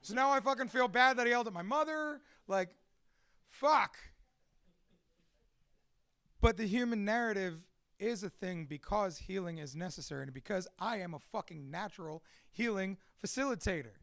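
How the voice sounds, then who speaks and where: High, gravelly man, swearing freely. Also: normal speed, no echo, studio quality. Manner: swears constantly, blunt and animated. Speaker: speaker at a live storytelling event. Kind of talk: candid talk to an audience.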